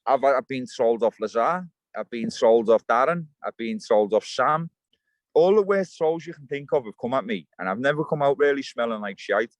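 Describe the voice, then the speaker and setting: A man's voice: medium pitch, normal speed, dry recording, poor audio. Blunt, swearing man. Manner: blunt, swearing straight talker. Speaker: interview guest. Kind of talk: heated interview rant. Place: outdoors by water, fishing.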